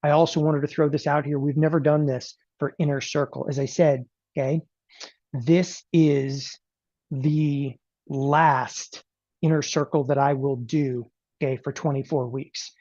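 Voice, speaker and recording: A middle-aged man giving a casual, emphatic sales talk for a trading event, rambling and often clearing his throat and tossing in "okay?" asides. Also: fairly high pitch, little pitch movement, measured pace, a little mellow, dry recording, lo-fi sound. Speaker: trading educator promoting a live event.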